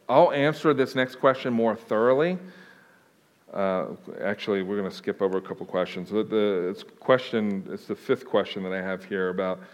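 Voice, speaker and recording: A man preaching a conversational sermon as a pastor, answering questions in an informal, plain-spoken way with joking asides. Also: lowish voice. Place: church sanctuary. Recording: long reverb of a large hall.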